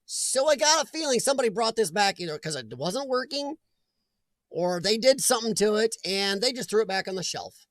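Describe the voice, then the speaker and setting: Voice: mid-range voice, sing-song, a little fast, no echo. Chatty livestream host, dry close sound. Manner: chatty, laughs often, greets viewers by name. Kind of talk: casual livestream chat. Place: at home.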